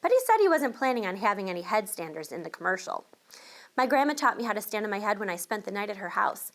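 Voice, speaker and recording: A woman teacher reading a children's picture book aloud to young listeners, expressive and switching voices for the child and the mother. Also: medium pitch, fast. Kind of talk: children's storybook read-aloud.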